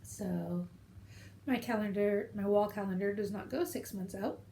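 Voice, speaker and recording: A woman's voice: mid-range voice, measured pace, dark tone, a little hiss or hum. A woman in her thirties chatting casually at home as the host of a knitting video show, rambling from one story to the next. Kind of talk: casual chat to camera.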